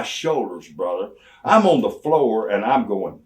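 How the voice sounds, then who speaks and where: A man's voice: fairly low pitch, unhurried, far from the mic. An older man, telling wrestling stories in an interview and acting out old exchanges with gusto. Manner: animated storyteller who acts out quotes loudly. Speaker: interview guest. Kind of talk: storytelling interview.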